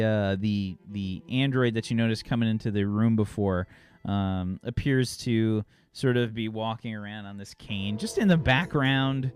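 A man's voice: mid-range voice, clean tone, dry recording. A man narrating a tabletop role-play game as game master, rambling with many fillers. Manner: rambling, filler-heavy description.

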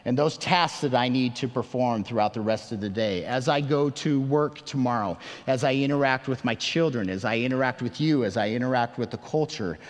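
Earnest pastor preaching in a reverberant hall. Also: male voice, mid-range voice. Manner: earnest, conversational, self-deprecating, rising emphatic questions. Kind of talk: sermon. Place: church sanctuary. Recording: long reverb of a large hall.

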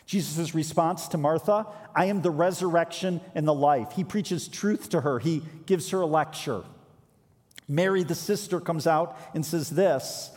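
A man's voice: on the high side, moderate pace, darkish tone. Man preaching in an echoing hall. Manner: reads scripture aloud, then explains with emphatic rises. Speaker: pastor. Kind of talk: sermon. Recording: reverberant hall.

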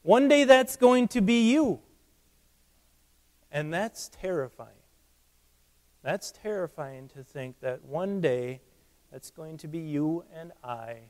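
A male pastor with a somewhat high voice delivers a sermon in a dramatic way, rising to loud emphatic peaks and dropping to hushed lows. He often doubles words as he starts a phrase. His voice rings out with a long reverb from the church room.

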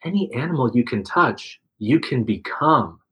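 A man's voice: medium pitch, expressive, normal speed, fairly bright tone, poor audio. A man reading a second-person adventure story aloud to friends, voicing the quotes with some liveliness. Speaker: narrator reading an interactive story.

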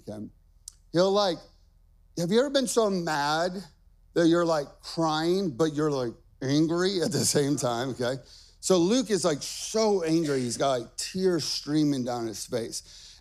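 A young adult male pastor preaching a sermon from a church stage. He tells family stories in an animated way and keeps checking in with "okay?". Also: fairly high pitch. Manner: animated storytelling with frequent "okay?" asides.

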